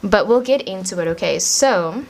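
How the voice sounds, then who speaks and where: A woman's voice: medium pitch, animated, moderate pace, gravelly. A young woman giving a casual tarot reading at home, rambling and chatty with lots of filler words. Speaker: tarot reader. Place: home room.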